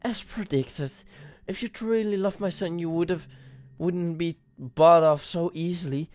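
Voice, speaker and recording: A man's voice: a little high, measured pace, a little mellow, smooth, natural voice. A man reading as a cold, commanding queen. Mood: stern. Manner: stern and dismissive. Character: cold, commanding queen, a middle-aged woman.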